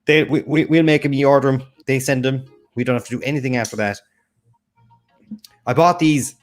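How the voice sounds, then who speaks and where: A man co-hosting a music quiz stream, bantering and teasing in a casual chat. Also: mid-range voice. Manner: joking, teasing, quick asides. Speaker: quiz show co-host.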